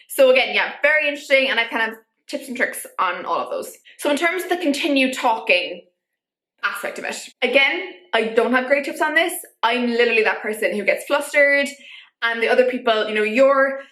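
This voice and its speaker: A woman vlogs casually to the camera, chatty and full of filler words, growing more fired up as she goes. Her voice is fairly high and a bit bright, picked up on the camera mic with a reverberant sound.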